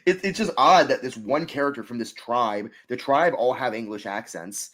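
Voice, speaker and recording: A man's voice: mid-range voice, moderate pace, a bit bright. A man co-hosting a casual review chat, rambling with many fillers and restarts. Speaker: co-host reviewing an episode.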